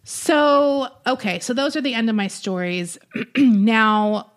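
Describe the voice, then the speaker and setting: A woman's voice: fairly high pitch, slow pace. A woman co-hosting a podcast in casual chat, reading news stories aloud with lots of uhs and likes. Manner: relaxed, loose, filler-heavy with many uhs and likes. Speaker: podcast co-host.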